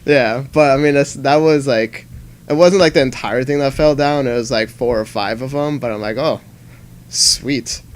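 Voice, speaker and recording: A young man co-hosting a podcast, rambling in halting casual chat with many fillers. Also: mid-range voice, smooth. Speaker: podcast co-host.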